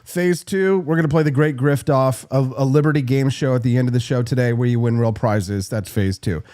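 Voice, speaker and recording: A man hosting a live political talk show, brash and quick, reacting to chat and plugging sponsors. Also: medium pitch, warm tone. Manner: brash, fast-talking, reads live chat. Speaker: host.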